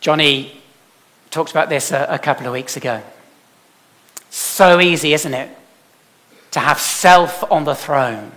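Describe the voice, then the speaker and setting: A man preaching a sermon emphatically, putting rhetorical questions to his congregation and swinging from loud to soft. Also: fairly high pitch, measured pace, pauses often. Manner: emphatic, with dramatic swings in loudness. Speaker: pastor.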